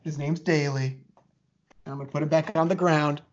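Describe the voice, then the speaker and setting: A podcast co-host chats casually, rambling in a relaxed way and laughing often. His voice is on the higher side, with fairly even intonation and a normal speed. The audio sounds muffled and lo-fi.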